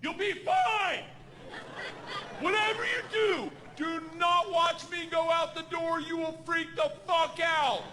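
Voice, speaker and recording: A man voicing a pushy, fearless woman skydiver who yells orders. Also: high-pitched, huge pitch swings, very fast, few pauses, voice pushed down. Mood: bossy yelling. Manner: yelling, pushy. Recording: live club with crowd noise.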